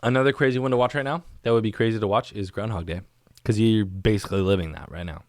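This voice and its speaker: His voice is fairly low, a little mellow, and fast, with no room sound in the recording. He's a podcast host rambling casually on his own in a small studio, saying "dude" and "man" over and over into a studio mic on camera.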